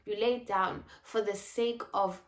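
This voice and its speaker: A woman talks straight to her viewers, mid-pitched and candid. She tells her story in a reflective, unhurried way, with lively retold asides. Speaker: faith and lifestyle vlogger. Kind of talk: personal storytelling talk.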